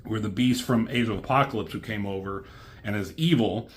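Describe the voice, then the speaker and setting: A man's voice: on the low side, brisk. A man casually reviewing a comic book, rambling loosely with fillers and the odd curse word.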